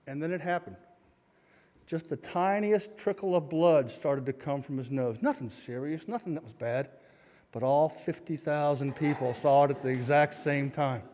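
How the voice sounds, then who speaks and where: A man's voice: on the high side, moderate pace. Self-mocking middle-aged man telling stories on stage. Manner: self-mocking, punchy, acts out shouts and sound effects. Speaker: storyteller at a story slam. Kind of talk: live comic storytelling. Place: large hall, live stage. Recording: long hall reverb from a live stage.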